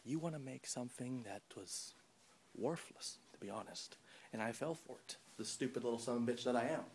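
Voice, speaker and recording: A man's voice: mid-range voice, brisk, creaky, a little hiss or hum. A young man with a cold delivering a scornful, rambling trash-talk promo. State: has a cold.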